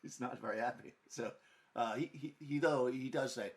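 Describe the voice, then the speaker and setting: A man acting as game master, narrating a tabletop game in a relaxed way with frequent fillers. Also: mid-range voice, normal speed.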